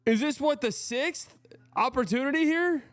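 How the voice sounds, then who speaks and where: A man hosting a live watch party, reacting excitably to plays and chatting between them. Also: very high-pitched, normal speed, no echo, studio quality. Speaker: show host.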